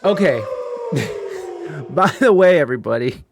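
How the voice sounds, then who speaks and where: Hosting a live-streamed podcast over a video call mic, a man with a slightly high voice speaks slowly, his pitch swooping wildly. He chats casually, vents about technical trouble, swears, and rambles with plenty of fillers, with background noise behind him.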